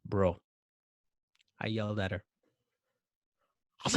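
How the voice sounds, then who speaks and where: Male interview guest, lively storyteller, close dry mic, average pitch. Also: moderate pace, dry recording. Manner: animated, acts out yelling in anecdotes. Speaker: podcast guest.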